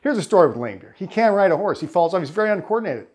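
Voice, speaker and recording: Brief: male sales trainer, animated conversational storyteller, rapid delivery. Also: sits high. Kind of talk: telling a parable in a training video.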